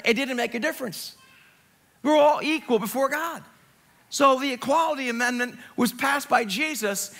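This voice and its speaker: Pastor, male, from Long Island: high, bright, lively sermon voice, chatty with asides. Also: vocal fry. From Long Island, New York. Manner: animated and conversational, jokes and asides, swings from loud to hushed. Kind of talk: Easter sermon. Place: church sanctuary, live service.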